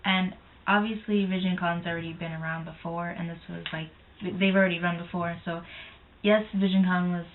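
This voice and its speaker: A young woman chatting casually in a vlog, giggling and acting out what people said in a higher voice. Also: level tone, brisk. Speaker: vlogger recapping a convention. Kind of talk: casual chat. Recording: tinny phone-like audio, faint noise.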